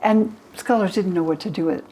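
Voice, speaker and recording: An older woman scholar explaining old texts to an interviewer, lively, acting out the quoted speakers in higher voices. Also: a little fast, a little hiss or hum, poor audio. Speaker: religion scholar and guest.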